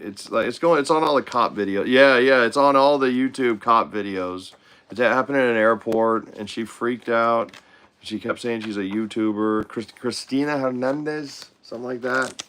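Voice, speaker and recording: A man's voice: medium pitch, creaky, a bit bright. Male livestream host, mid-range voice, casual rambling chatter with restarts and chuckles.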